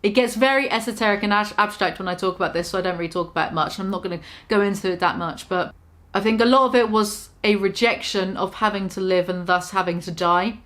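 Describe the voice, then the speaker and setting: A woman's voice: mid-range voice, quick pace, fairly bright tone. Brief: young British woman, casual vlogger, frank, chatty, swears freely, self-deprecating. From Britain. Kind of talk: casual confessional vlog.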